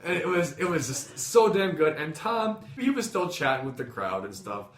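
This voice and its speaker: A man co-hosting a podcast in casual chat, gushing with enthusiasm and stumbling over repeated words when excited. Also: on the high side, normal speed. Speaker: podcast co-host. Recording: roomy echo.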